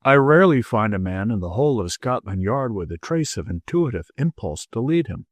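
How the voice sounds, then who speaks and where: A man voicing a reflective English gentleman detective who talks in a measured, thoughtful way. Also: mid-range voice, sing-song, no room sound, studio quality.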